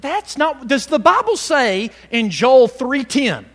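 Preacher, male: high, bright voice, animated, rallies the congregation, reverberant church hall. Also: takes it slowly, few pauses. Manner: animated, swings from loud exhortation to hushed tones; calls on the congregation to respond. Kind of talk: sermon.

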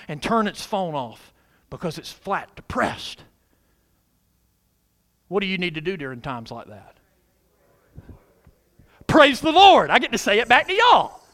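A man preaching a sermon as pastor, animated, urging the congregation to respond. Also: high-pitched.

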